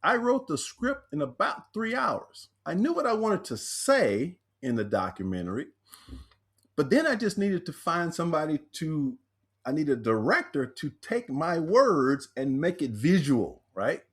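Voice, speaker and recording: A man, a speaker and author, telling personal stories in a podcast interview, animated and acting out the voices he quotes. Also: a little high, unhurried, breathy edge.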